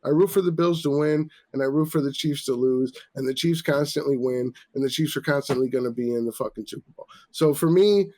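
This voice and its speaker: A man's voice: mid-range voice, a little fast, few pauses, a little mellow. A man hosting a casual podcast, ranting profanely about sports after a few drinks. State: tipsy. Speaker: podcast host.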